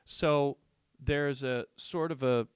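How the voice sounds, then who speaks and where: A man teaching drums, talking through a song in a relaxed way and often checking in with "right?". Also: mid-range voice, slow pace. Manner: thinks aloud with restarts, says "right?" often. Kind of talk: relaxed instructional talk. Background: loud music and drum track.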